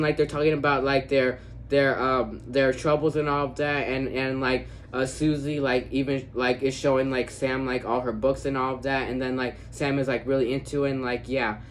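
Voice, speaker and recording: A man talks through a movie review off the cuff, with a mid-pitched voice. He fills every gap with filler words, trips over restarts and pauses to think. He brightens into quick bursts of excitement over favorite moments. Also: a little hiss or hum, low-quality recording. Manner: rambling, filler-heavy with frequent "like" and "so, yeah". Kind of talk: casual unscripted movie review.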